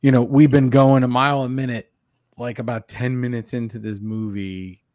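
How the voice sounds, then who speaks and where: A man's voice: mid-range voice, little pitch movement, normal speed, darkish tone, no echo, studio quality. A man co-hosting a podcast, chatting thoughtfully and adding background details with plenty of fillers. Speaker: podcast co-host. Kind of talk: casual podcast discussion.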